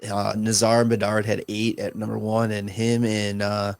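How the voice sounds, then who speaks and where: A man talks hockey on a podcast in a low, gravelly voice. He stumbles and restarts often as he chats casually, and the sound is close and dry. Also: completely flat delivery, no echo. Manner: halting, many restarts and fillers. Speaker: podcast co-host. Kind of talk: casual sports chat.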